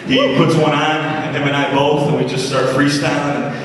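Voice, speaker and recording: Man, school assembly speaker, energetic comic storyteller, booming hall echo, heard from far off. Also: normal speed, crowd noise. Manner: energetic, animated, acts out the voices in his stories.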